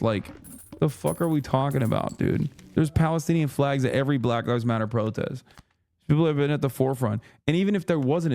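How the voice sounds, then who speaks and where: A man on a stream, furious and profane, hammering his points at the chat in a mid-pitched voice. He swears constantly and slips into sarcastic mimicry to mock his critics. The delivery is a sustained angry rant. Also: dark tone.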